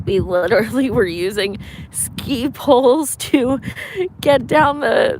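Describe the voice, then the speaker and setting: A woman from Pennsylvania, a campaign volunteer, chatting casually on a live stream, emphatic and excited, swearing, with lots of ums. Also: mid-range voice, noisy background. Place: outdoors in winter.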